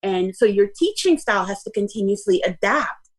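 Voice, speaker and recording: A woman professor shares practical teaching advice in a calm, explanatory tone. Her voice is mid-pitched and conversational. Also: moderate pace, slightly rough. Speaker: professor, guest.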